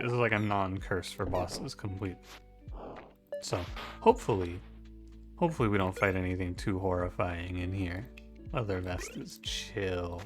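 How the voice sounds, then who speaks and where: A gaming YouTuber with a lowish, slightly bright voice gives casual gameplay commentary while sleepy from just waking up. He rambles and thinks aloud as he plays, with faint music in the background.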